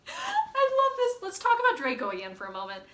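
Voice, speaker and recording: Bright-voiced, gushing young woman book vlogger. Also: very high-pitched, huge pitch swings, normal speed, reverberant. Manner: gushing, rambling, with many likes and ums. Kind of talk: casual book chat reading passages aloud.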